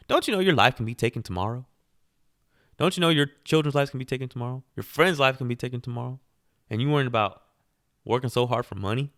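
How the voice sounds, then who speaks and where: A man's voice: mid-range voice, lively intonation, moderate pace, long pauses, fairly bright tone, no room sound, studio quality. A man hosting his own podcast, speaking in a casual, opinionated monologue full of rhetorical questions and self-amused laughs. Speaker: podcast host.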